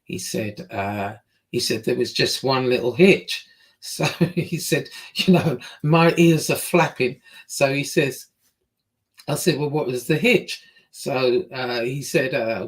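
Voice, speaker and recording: English woman, casual storyteller; blunt, swears, acts out the dialogue with lively pitch jumps. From England.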